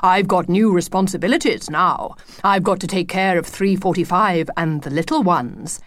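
A woman voicing a proud, excitable male wolf who has just become a father, talking in a grand, formal way. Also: on the low side, moderate pace, dry recording, close to an everyday voice. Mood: warm.

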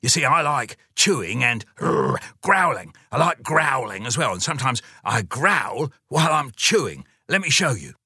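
A man's voice: mid-range voice, sing-song, sharp tone, breathy edge, no echo, studio quality, voice pushed up, exaggerated voice. A man voicing a stern, fussy male dog who interviews would-be owners, in a storybook reading. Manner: stern, chuckling, drawn-out growls.

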